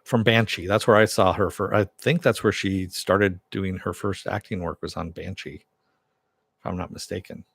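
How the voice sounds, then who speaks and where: A man's voice: deep voice, fairly even intonation, moderate pace, gravelly, fairly bright tone, husky, no echo. A man hosting a casual live stream, reading viewer comments aloud and rambling with a self-deprecating chuckle.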